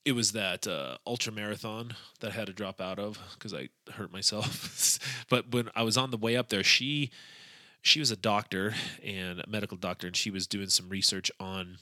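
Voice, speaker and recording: Bright-voiced thoughtful male counselor. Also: lowish voice, steady tone, normal speed, no echo. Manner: thoughtful, hesitant, many fillers. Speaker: addiction counselor. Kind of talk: casual podcast discussion.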